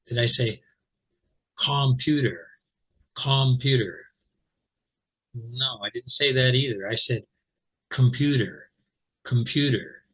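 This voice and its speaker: Male American pronunciation teacher, low-ish husky voice with a bright edge, casual and full of filler words. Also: low-quality recording. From Central California, USA. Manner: relaxed and chatty, many ums and uhs, repeats words slowly to demonstrate. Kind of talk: explaining pronunciation to learners.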